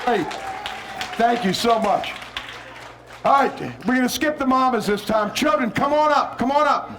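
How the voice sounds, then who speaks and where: A man's voice: very high voice, normal speed, crowd noise. A man from New Orleans, a visiting poet, performing his poems theatrically and cueing the audience to repeat lines. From New Orleans, United States. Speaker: visiting poet leading children and adults. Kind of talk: call-and-response poetry performance. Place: school hall with a live audience. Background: faint audience voices repeating lines.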